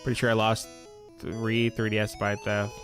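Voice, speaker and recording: A man's voice: fairly low pitch, completely flat delivery, normal speed, faint music behind. A young man streaming a game, chatting casually and telling a long, profane, rambling story to his viewers. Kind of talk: casual live-stream chat over gameplay.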